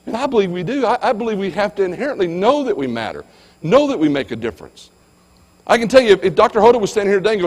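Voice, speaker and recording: A man delivering a motivational keynote in a large auditorium, his slightly high voice swinging from punchy bursts to near-whispers. His words trail off into a long hall reverb. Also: sing-song, rapid-fire. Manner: emphatic, swings between loud and hushed.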